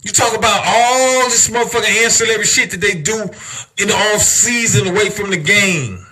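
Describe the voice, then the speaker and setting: A man's voice: high voice, moderate pace, sharp tone, breathy edge. A young adult man hosting a podcast, delivering a heated, profane rant full of rhetorical questions. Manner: heated, emphatic, heavy cursing, rhetorical questions. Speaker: podcast host.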